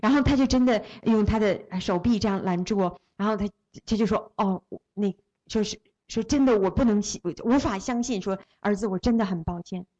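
A woman relays a preacher's story phrase by phrase, following his lead with the odd restart. Her voice sits at a mid pitch, and the recording is dull and lo-fi. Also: fairly quick, mellow. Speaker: interpreter. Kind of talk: consecutive sermon interpretation.

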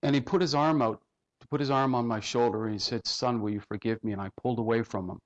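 A man's voice: mid-range voice, steady tone, quick pace, dull audio. Heartfelt male pastor telling a story. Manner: heartfelt, dropping to soft tones in quotes. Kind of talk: emotional sermon storytelling.

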